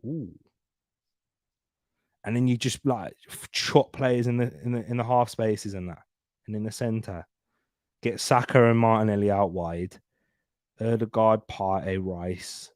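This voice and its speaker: Speaking unhurriedly with long pauses, this young watchalong host gives chatty, casual commentary on a live football match, full of banter and frequent laughter. His voice is lowish with a darkish tone. The recording is dry and clean, studio quality.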